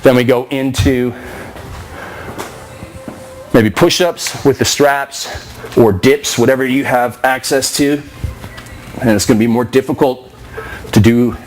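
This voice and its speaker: A man trainer explaining a workout circuit in casual talk, out of breath and slowing down as he demonstrates moves. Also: mid-range voice, a little hiss or hum, low-quality recording. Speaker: fitness trainer.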